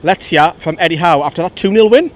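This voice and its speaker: Fan-channel host, slightly high voice, opinionated chat outdoors with faint traffic behind. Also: male voice, fast. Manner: chatty, opinionated, lively storytelling. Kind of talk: outdoor post-match fan reaction. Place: outdoors by a road after a match. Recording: faint traffic rumble outside.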